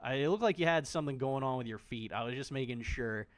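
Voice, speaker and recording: Talking fast in a mid-range voice, a man streams a game with casual, joking commentary. He swears freely and speaks straight to the characters on screen.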